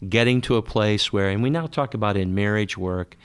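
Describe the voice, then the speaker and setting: A man's voice: fairly low pitch, fairly quick, clean tone. A man hosting a radio interview, steering the conversation and closing with a prayer for listeners. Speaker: radio host.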